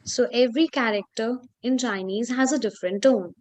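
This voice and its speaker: A woman teaching a Chinese lesson, explaining slowly with pauses and fillers. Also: a little high, a little mellow. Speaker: Chinese tutor. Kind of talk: online language lesson.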